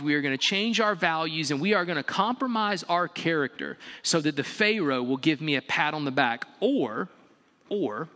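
Emphatic preacher in a reverberant hall. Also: male voice, on the high side. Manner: emphatic, repetitive rhetorical questions, swings between loud and hushed. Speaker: pastor. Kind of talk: sermon. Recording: long reverb of a large hall.

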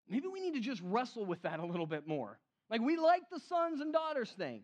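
A man preaching a sermon in an animated, conversational way, acting out the quotes he cites. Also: extremely high pitch, a little fast, hardly any pauses, highs cut off. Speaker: pastor.

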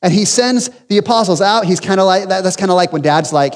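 A man's voice: high-pitched, quick pace, hardly any pauses, big-room sound. A man preaching a sermon as pastor, emphatic with rhetorical questions and humorous asides. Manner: emphatic, rising to loud peaks with rhetorical questions.

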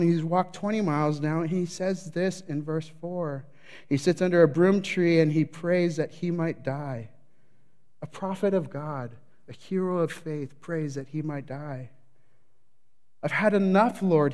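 Dramatic male preacher, loud then hushed. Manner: dramatic storytelling, voicing the prophet's panic; varies loudness widely, building up then dropping low. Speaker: pastor. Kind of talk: sermon.

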